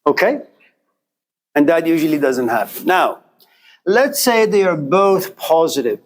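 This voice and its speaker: Higher-voiced male lecturer, deliberate. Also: lively intonation, low-quality recording. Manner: deliberate, asks rhetorical questions and answers them. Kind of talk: classroom lecture.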